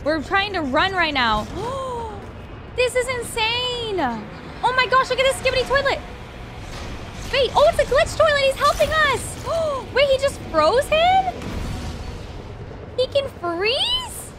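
A woman hosting a reaction video, excitable, gasping often and talking to her viewers as she watches an animation. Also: very high-pitched, slow pace, long pauses, noisy background.

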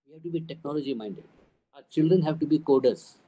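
A man's voice: on the high side, fairly even intonation, fast, dark tone, dull audio. An older man with an Indian English accent giving a town hall address to parents as a school trust's chief, emphatic, building points through repeated phrases and rhetorical questions.

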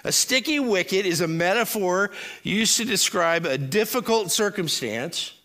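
A male pastor delivers a sermon in a church service with a slightly high, bright voice. He talks in a loose, conversational way and throws joking asides to the congregation. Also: animated, unhurried.

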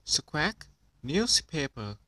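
A man's voice: on the high side, very animated, very slow, sharp tone, dry recording, voice pushed up, full character voice. A man reading a storybook aloud and voicing a pet parrot that squawks and repeats what people say. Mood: squawking. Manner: squawking, parroting words back. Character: chattering pet parrot who repeats words.

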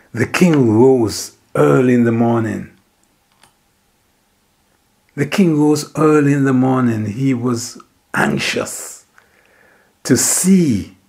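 A man preaching a sermon, slowly retelling a scripture story, repeating phrases for emphasis and acting out the characters' words. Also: medium pitch, gravelly, a little mellow. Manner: acts out the king's and Daniel's words.

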